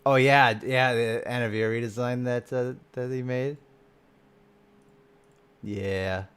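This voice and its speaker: A man streaming live and reacting to game content in casual chat, excitable and swearing freely, often trailing off and restarting. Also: mid-range voice, slow pace, clean tone.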